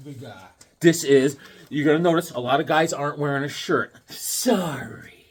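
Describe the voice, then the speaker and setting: A man's voice: a little high, brisk, slight background noise. A man hosting his own comic book channel, chatting in a jokey, rambling way. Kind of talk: casual chat.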